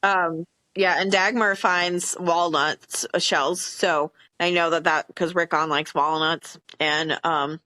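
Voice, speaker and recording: Low-voiced woman co-host, dry sound. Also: fairly even intonation, takes it slowly, hardly any pauses, pushed and bright, no room sound. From Southern US. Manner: hesitant, many fillers. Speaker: podcast co-host. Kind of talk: casual recap chat.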